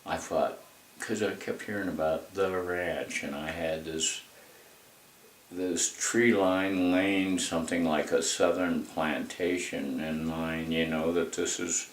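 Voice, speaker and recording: A man's voice: deep voice, steady tone, slow, slight background noise. An older man tells family stories in a rambling, folksy way, with many asides. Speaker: interviewee telling family history. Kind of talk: casual storytelling. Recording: echoey room, mic far off.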